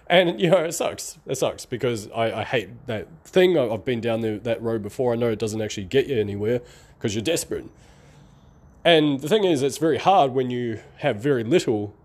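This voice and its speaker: Here the middle-aged vlogger sounds lively in intonation, with a mid-range, darkish voice at moderate pace. With his Australian-New Zealand accent and slight lisp, he drawls a little while rambling candidly straight to camera about online marketing.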